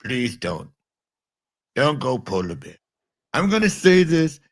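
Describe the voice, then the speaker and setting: A man's voice: mid-range voice, sing-song, slow. A man voicing a pompous, self-important politician who repeats himself and grandstands in a comedy impression skit. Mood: grandstanding. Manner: repetitive, grandstanding.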